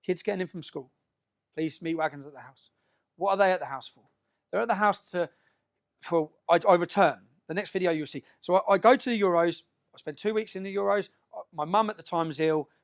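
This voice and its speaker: A man speaks to a crowd in a fairly high voice. He pushes his points with emphasis and keeps checking in with short "yeah?" tags. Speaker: public speaker. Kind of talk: speech to an audience.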